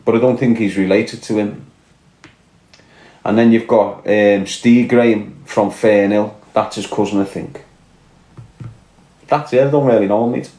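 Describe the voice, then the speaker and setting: A Liverpool man with a Scouse accent speaks in a low, warm voice with fairly even intonation, unhurried and pausing often, in a reverberant space. Hosting a casual livestream, he's blunt, combative and sweary as he reads and answers his viewers.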